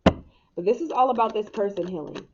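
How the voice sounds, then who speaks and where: A young adult woman reads tarot in a casual, spiritual session, talking at a moderate pace in a medium-pitched voice. She's frank and laughs frequently, with occasional swearing, on a muffled recording with audible hiss.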